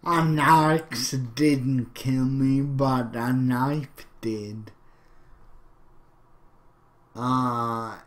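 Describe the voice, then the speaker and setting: A man's voice: medium pitch, fairly even intonation, extremely slow, long pauses. A man hosting a let's play video, commenting on the game and reading level names aloud with jokey outbursts. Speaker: gaming video host.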